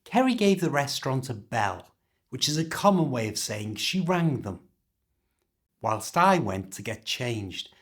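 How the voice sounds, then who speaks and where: A man with a British accent teaching English learners, explaining everyday phrases and slowly modelling how to pronounce them. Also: mid-range voice, big pitch swings, fairly bright tone. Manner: clear, slow modelling of pronunciation.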